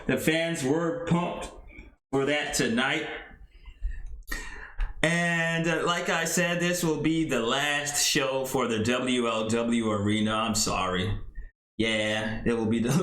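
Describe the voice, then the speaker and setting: A man narrating a tabletop wrestling game play-by-play, excitable and chuckling along. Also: medium pitch, echoey room.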